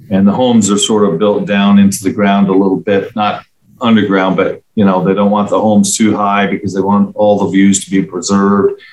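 A man's voice: fairly low pitch, low-quality recording. A middle-aged man from England, chatting casually and telling rambling, friendly stories in an interview. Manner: rambling, friendly storytelling with fillers. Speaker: interview guest, local resident. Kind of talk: casual conversational chat.

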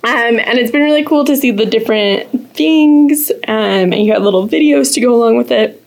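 A woman's voice: on the high side, normal speed, vocal fry, a little mellow. A young adult woman co-hosting a podcast with friends, upbeat and asking questions casually. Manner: upbeat, asks questions with fillers. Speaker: podcast co-host. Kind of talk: casual chat among friends.

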